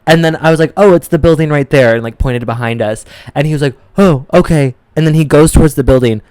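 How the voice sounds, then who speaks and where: A young man, podcast co-host, telling a story in casual chat, full of "like" and lively quoted voices. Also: on the high side, quick pace, clear, resonant tone, dry recording.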